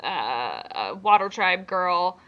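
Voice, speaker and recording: A woman's voice: on the low side, very animated, slow pace, sharp tone, dull audio. A woman co-hosting a podcast, recapping episodes in casual, giggly chat full of ums. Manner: chatty, giggly, many ums. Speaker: podcast co-host.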